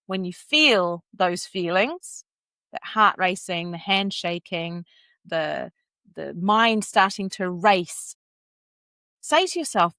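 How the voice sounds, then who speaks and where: Woman vocal coach on a podcast, lively and expressive, dry close sound. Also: lowish voice, slow, dry recording. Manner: expressive, demonstrates vocal inflection. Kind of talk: podcast interview.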